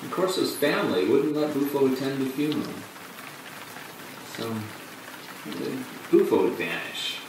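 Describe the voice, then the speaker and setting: Actor playing a rueful, halting stage storyteller. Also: male voice, mid-range voice, big pitch swings, background noise. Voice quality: halting, dark bitter laughs. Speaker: actor in a monologue. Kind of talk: stage monologue on film. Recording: distant echoey room with rain.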